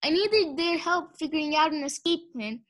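A bold young female sea dragon, quick to talk back, as a woman reads her. Her voice is firm and defiant in this storybook telling. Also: high-pitched, lively intonation, a bit bright, no room sound, pitched above the performer's own voice. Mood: determined. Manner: bristling, talks back.

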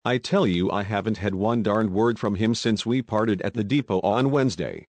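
A man's voice: fairly low pitch, dry recording. Man voicing Julius, a slangy American talker. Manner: slangy, talkative, hurried storytelling. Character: brash young American man, slangy and excitable.

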